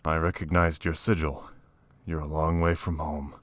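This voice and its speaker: A man reading aloud, voicing a gentle adult male doctor held as a prisoner. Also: rumbling low, little pitch movement, normal speed, no room sound.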